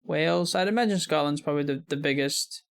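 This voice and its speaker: A man's voice: a little high, fast talker, creaky, a bit bright, smooth. An American man hosting a reaction video, talking casually and rambling with many fillers. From United States.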